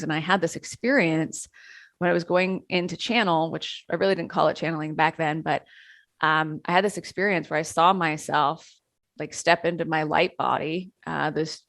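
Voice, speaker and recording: Middle-aged woman guest, deep and a bit gravelly, animated storyteller who laughs often, dry sound. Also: no room sound. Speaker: channeler, interview guest. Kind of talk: conversational storytelling.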